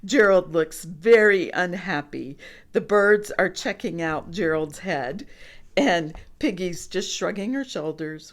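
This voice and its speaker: A woman reading a picture book aloud to children, asking the listener questions about the pictures. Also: fairly low pitch. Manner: slow, expressive, asks the listener questions. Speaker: storybook reader.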